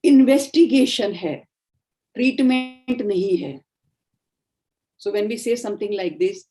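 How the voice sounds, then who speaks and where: Mellow Indian English woman trainer. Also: mid-range voice. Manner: explanatory, measured, acts out sample dialogues. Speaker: communication trainer. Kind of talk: training session lecture.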